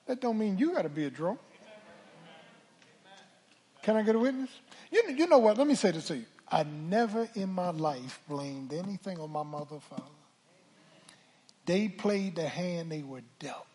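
An older man preaching a sermon from the pulpit, calling for a witness and swinging from hushed asides to shouts. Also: a little high, animated, normal speed. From Philadelphia. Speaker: pastor. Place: church sanctuary. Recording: church hall reverb.

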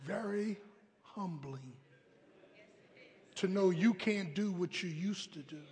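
A man preaching a humorous, animated storytelling sermon at a live service, calling out to the congregation. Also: sits high, slow pace, long reverb tail. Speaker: pastor. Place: church sanctuary, live service.

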